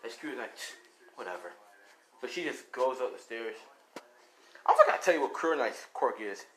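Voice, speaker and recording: A man's voice: mid-range voice, animated, a little fast, noisy background. A man casually telling a fan story, rambling, with lots of fillers and swearing.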